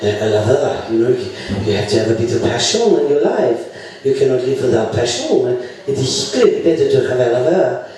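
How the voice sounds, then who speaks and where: A man's voice: mid-range voice, sing-song, normal speed, darkish tone, lightly acted. A man voicing a passionate French male engineer who speaks emphatically. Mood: insistent. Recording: echoey room, mic from far off.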